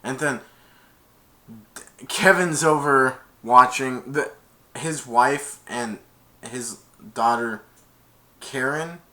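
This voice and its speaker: A man's voice: mid-range voice, drawn-out words, long pauses, bright, forceful tone. A man casually retelling a movie plot, rambling, laughing and acting out the quotes. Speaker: movie reviewer.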